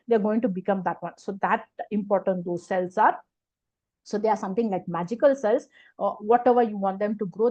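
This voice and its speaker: A woman giving a university lecture, explaining step by step with many fillers and repeated phrases. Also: on the high side.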